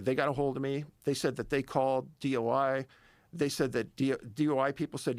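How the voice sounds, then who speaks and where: A man's voice: mid-range voice, fairly even intonation, moderate pace, no room sound. A middle-aged man telling a story in a casual interview, emphatic and building tension. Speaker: podcast guest, missing-persons researcher.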